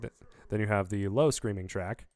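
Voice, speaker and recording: A man's voice: lowish voice, normal speed, darkish tone. A man casually explaining how he produced his song, rambling upbeat with many fillers, talking into a studio vocal mic. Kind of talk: casual video breakdown.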